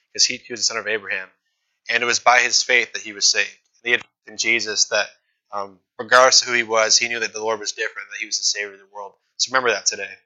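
A man's voice: fairly low pitch, bright, forceful tone, muffled recording. A young man preaching a sermon in a casual, conversational way, reading scripture and acting out the people in the story with slangy asides.

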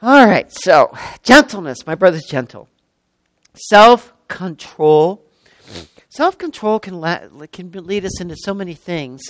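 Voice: mid-range voice, lively intonation, slow pace, no echo. A preacher in their sixties delivering a sermon, stressing and repeating key words with frequent exclamations. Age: 60s.

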